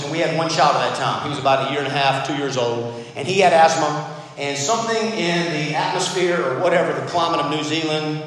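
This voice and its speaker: A middle-aged American man preaches in a storytelling, self-deprecating manner, his slightly high voice ringing around a large hall with a very long echo. Faint room noise sits under the sound. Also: fairly bright tone. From United States. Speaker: pastor. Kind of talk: sermon.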